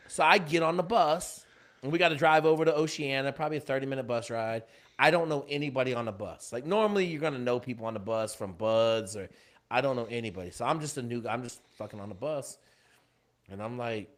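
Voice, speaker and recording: A man, a former Navy SEAL, telling a war story as a guest in a casual chat, cursing and lively. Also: medium pitch, quick pace. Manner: swearing, animated storyteller.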